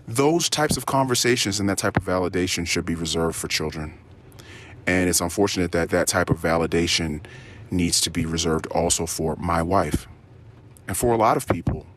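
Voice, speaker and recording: A man's voice: low-pitched, slight background noise. A man rambling through a spoken diary in a crude, profane, ranting way. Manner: animated, swings into mock-excited tones. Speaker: diary podcast host.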